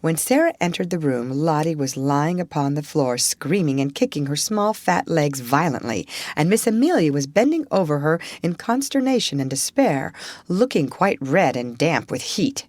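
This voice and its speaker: Expressive woman reading a storybook. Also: low-pitched, moderate pace, no echo, studio quality. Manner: expressive storytelling, colours the narration. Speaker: audiobook reader. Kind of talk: scripted narration of a classic children's novel.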